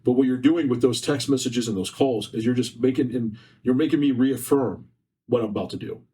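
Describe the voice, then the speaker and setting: A man's voice: medium pitch, fairly quick, dark tone, slightly rough. A man on a podcast, sharing a personal story in an earnest, repetitive, emotional way. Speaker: podcast guest. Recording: distant mic from faulty setup.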